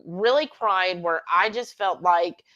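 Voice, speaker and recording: A woman's voice: lowish voice, slow pace, a bit bright, dull audio. A woman hosting a livestream, talking in a candid, rambling way with plenty of restarts. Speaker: livestream host. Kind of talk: casual chat.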